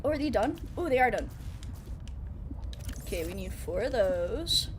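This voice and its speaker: A woman with a slightly high voice chats casually as she plays a game on a live stream, reading chat aloud and laughing easily. Game sounds and background noise run clearly under her voice. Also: sing-song, measured pace, long pauses. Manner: chatty, giggly, playful, reads chat aloud.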